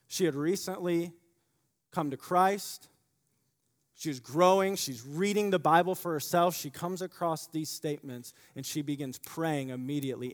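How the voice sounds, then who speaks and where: Pastor guy preaching, kinda high voice, lots of repeating himself, big echoey church hall. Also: measured pace. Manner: animated, repeats key phrases, swings between loud emphasis and quiet asides. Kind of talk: sermon. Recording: long hall reverb.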